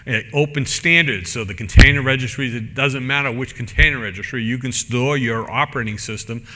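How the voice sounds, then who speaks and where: A man's voice: mid-range voice, fairly quick, big-room sound, background noise. A man giving a technical conference talk in a casual, rambling way, full of fillers and restarts. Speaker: conference speaker. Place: conference room.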